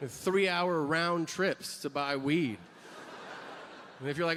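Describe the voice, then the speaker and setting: A man performing stand-up on stage, his voice sitting a bit high for a man. He tells crude stories with a wry edge and slips into acted quotes. The live audience noise comes through clearly behind him. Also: a little slow, fairly bright tone. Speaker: stand-up comedian. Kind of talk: stand-up comedy routine.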